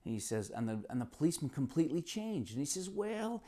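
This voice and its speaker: A man's voice: medium pitch, animated, fast, dark tone. A man teaching from a self-help book, retelling an anecdote in an earnest, casual way with many repetitions. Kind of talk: casual storytelling lesson.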